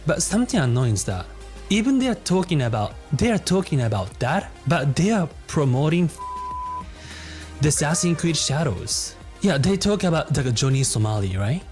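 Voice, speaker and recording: A man's voice: fairly high pitch, big pitch swings, normal speed, darkish tone. Rambling man talking over faint music. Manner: rambling, lots of fillers. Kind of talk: casual commentary.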